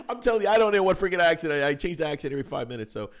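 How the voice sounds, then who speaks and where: Animated, playful male stream co-host. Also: fairly high pitch, rapid-fire. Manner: playful, laughing often, breaks into jokey voices. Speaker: co-host of a tabletop gaming live show. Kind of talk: casual live-stream chat, reading game rules aloud.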